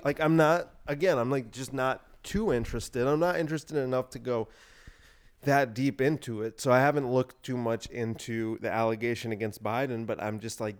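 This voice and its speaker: Ranting, profane young man. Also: medium pitch. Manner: ranting, profane, sarcastic, heavy on "like". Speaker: podcast host. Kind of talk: solo rant.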